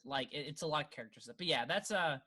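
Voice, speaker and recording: Young male co-host, higher, bright, tense voice, chatty and laughing easily. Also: fast. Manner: laughs often, restarts sentences. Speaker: podcast co-host. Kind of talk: casual chat.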